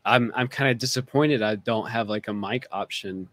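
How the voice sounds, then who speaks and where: A man's voice: on the low side, normal speed, fairly bright tone. Laughing man hosting a podcast. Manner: laughs often while joking. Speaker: podcast host. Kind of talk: casual chat.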